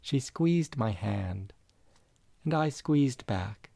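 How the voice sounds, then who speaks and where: A man reading a literary story aloud as narrator, quiet, measured and reflective. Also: mid-range voice, expressive, vocal fry, no echo.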